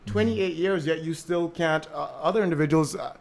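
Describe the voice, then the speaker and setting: A man's voice: a little high, moderate pace. A man from Jamaica speaking as a panelist in a panel discussion, telling a story with energy and repeating words while he searches for them.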